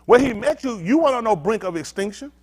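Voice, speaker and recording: A male pastor preaching to a congregation in a high voice that leaps up and down in pitch. He is blunt and street-talking. He swings from loud, emphatic bursts to low, muttered asides. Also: lively intonation, fast. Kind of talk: sermon teaching with call-and-response.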